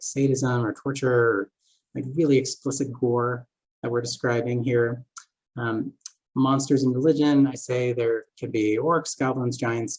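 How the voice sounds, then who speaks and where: Guy running a therapy seminar, talks casual with tons of likes and uhs, mid pitch. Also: a little mellow, poor audio. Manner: casual, filler-heavy, many "like" and "uh". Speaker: group therapist and game master. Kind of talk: seminar lecture. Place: seminar talk.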